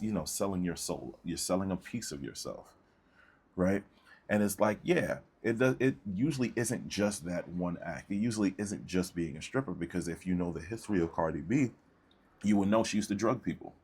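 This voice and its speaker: A man with a very low, husky voice holds forth in a lecturing tone. He comments casually on a debate and keeps checking in with the listener between points. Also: animated, fairly quick, a little mellow. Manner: lecturing, preachy, repeats "right?". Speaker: commentator reacting to a debate clip.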